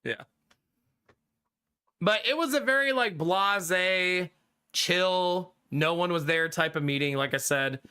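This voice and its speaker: A man with a fairly high, bright and forceful voice, chatting casually with his live viewers. He rambles through his story with frequent laughs and casual swearing. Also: takes it slowly, pauses often, clean tone. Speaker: streamer.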